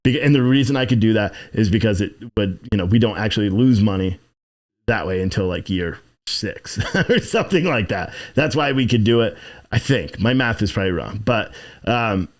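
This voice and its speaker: A man's voice: lowish voice, lively intonation, normal speed. A man hosting a casual livestream from inside his shop, rambling and swearing as he reads chat comments and plugs his business. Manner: rambling, profane, plugging his own business. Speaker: livestream show host.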